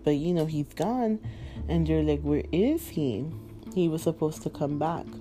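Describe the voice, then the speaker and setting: Woman, low voice, casual rambling chat, filler-heavy, emotional. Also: moderate pace, warm tone, soft background music. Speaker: movie fan vlogger.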